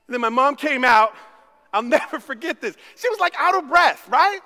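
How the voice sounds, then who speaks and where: A man preaching a sermon as pastor, telling stories with big swings from hushed to shouting. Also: extremely high pitch, animated, normal speed. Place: church sanctuary. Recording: long reverb of a church hall.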